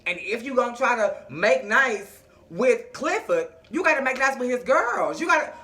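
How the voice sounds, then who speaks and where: A man with a high voice recaps a TV episode for his vlog. He talks in a sassy, chatty way and keeps drifting into playful asides. His tone is bright and sharp. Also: sing-song, normal speed. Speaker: TV recap vlogger.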